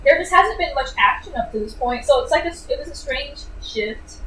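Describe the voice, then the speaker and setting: A woman with a fairly high voice gives a casual book review, animated and sarcastic, with plenty of fillers. She sits some distance from the mic in a roomy, echoey space, with faint noise behind her. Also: a little fast.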